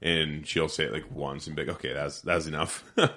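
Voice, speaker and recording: This is a young man with a notably low voice, co-hosting a podcast with his wife. He talks in a loose, joking way and swears without a second thought. It is relaxed, casual chat. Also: a little fast. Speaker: podcast co-host.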